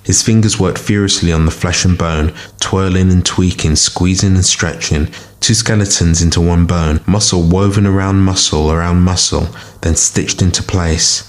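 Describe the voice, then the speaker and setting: A man with a very deep voice narrates scripted fiction in a measured, dramatic way. He reads as the storyteller of a podcast tale. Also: fairly even intonation. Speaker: story reader.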